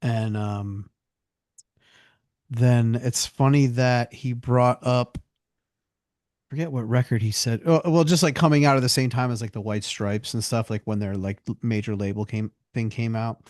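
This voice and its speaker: A man's voice: mid-range voice, steady tone, a little slow, a little mellow, no echo, clean studio sound. A man co-hosting a podcast who rambles casually, filling his talk with "like" and "you know". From United States. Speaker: podcast co-host. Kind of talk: casual chat.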